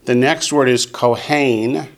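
A man teaching a Hebrew class, saying each word slowly and clearly so his students can repeat it. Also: medium pitch, fairly even intonation. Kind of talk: classroom lesson.

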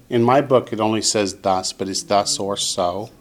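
A man teaching a Hebrew class, saying each word slowly and clearly so his students can repeat it. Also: lowish voice. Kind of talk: classroom lesson.

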